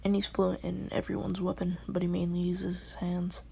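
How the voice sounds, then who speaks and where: Lady rambling thru a fan story, low gravelly voice, kinda half-whispered, slight hiss behind. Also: completely flat delivery, normal speed, mellow. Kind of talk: casual fan-fiction storytelling.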